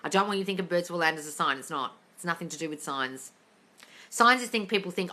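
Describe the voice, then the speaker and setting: Blunt, bright-voiced woman calling everyone darling. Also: on the low side, lively intonation, a little fast. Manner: blunt, sweary, calls listeners darling. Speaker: manifestation coach answering live questions. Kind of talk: casual live-stream Q&A. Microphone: phone.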